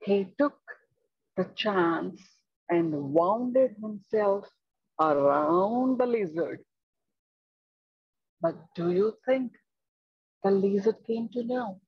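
Female storyteller, slow and expressive, breathy tone; dull lo-fi online audio. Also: mid-range voice, dry recording. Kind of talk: storytelling for children. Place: home, online talk.

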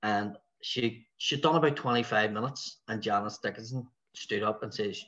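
A man with a West Belfast accent, a guest comedian telling lively stories in casual podcast chat, often chuckling. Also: on the low side, normal speed, hardly any pauses. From West Belfast, Northern Ireland. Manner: lively anecdotal storytelling, chuckling. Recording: slightly dull lo-fi sound.

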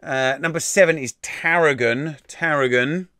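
A man's voice: fairly high pitch, a little slow, pushed and bright, dry recording, studio quality. A man hosting a live-stream quiz, reading out answers in a chatty, sweary way and laughing at himself. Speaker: quiz host. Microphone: desk mic.

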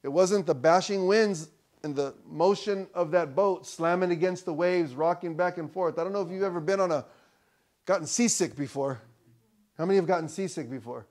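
Male pastor, slightly high voice, relaxed preaching that builds to loud emphatic lines. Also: moderate pace. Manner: conversational preaching, rising to loud emphatic peaks, joking asides. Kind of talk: sermon. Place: church.

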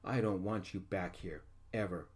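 A man's voice: low voice, normal speed, darkish tone, lightly acted. A man voicing a young man who is angry at his father, in a raised, indignant voice.

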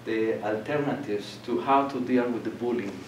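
A man's voice: lowish voice, moderate pace. An older man from Colombia, giving a public lecture and telling stories, acting out voices and laughing. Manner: animated storyteller, acts out voices and laughs. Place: lecture hall. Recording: echoey room, distant mic, faint noise.

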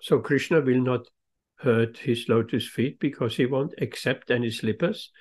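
A man giving a devotional lecture, telling a story slowly and stressing key words. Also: medium pitch, a little mellow, husky. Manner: slow, emphatic, leans on key words.

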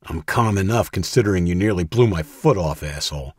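A man voicing an injured, desperate teenage boy who shouts tense, aggressive orders in an audiobook. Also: low-pitched, lively intonation, fairly quick, husky, no room sound, clean studio sound.

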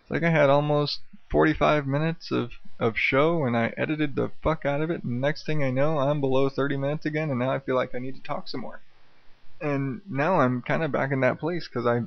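A man's voice: mid-range voice, creaky, no echo, lo-fi sound. A man hosting a casual late-night solo podcast, rambling and cursing with self-mocking humor, recorded at home on an old karaoke mic. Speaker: podcast host. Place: bedroom at home. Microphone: old dynamic karaoke mic on a stand.

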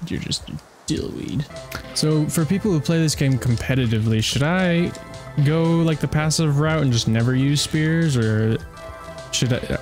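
A let's play gamer with a mid-range, somewhat dark voice keeps up a casual, chatty commentary while playing a video game. He talks to himself and to the on-screen creatures, laughing often.

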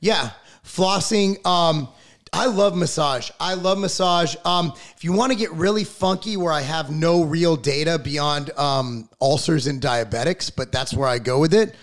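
A man's voice: a little high, measured pace. A middle-aged man ranting in a casual podcast chat, swearing freely and getting heated. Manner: profane, fired-up ranting.

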